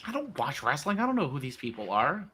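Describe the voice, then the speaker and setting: A man's voice: medium pitch, huge pitch swings, quick pace, bright, forceful tone, slightly rough. A man on a podcast livestream telling a funny story in casual chat. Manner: laughing storyteller, swears.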